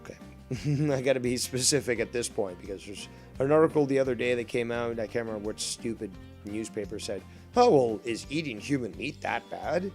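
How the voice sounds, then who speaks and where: A man's voice: medium pitch, lively intonation, fairly quick, a little mellow, faint music behind. A man chatting casually on a live stream while playing a fishing game, rambling, sarcastic and profane.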